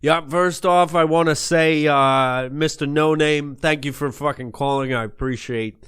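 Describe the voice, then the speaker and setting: A man's voice: fairly high pitch, steady tone, measured pace, a bit bright, clean tone. A man hosting a comedy podcast in character, ranting in a profane, rambling monologue.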